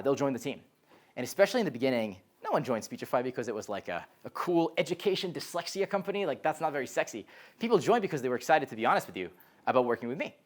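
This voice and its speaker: A young man giving a live talk to a college class as a startup founder, telling stories in a lively way, full of "like" and "um," and acting out quoted voices. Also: medium pitch. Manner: lively storyteller, frequent "like" and "um", animated quoted voices.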